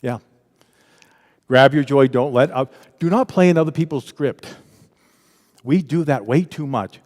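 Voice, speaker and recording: A man leading an interactive spiritual workshop at a church, talking in a lively, conversational way and acting out the voices he quotes. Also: medium pitch, a little slow. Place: church hall. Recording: echoey hall with long reverb.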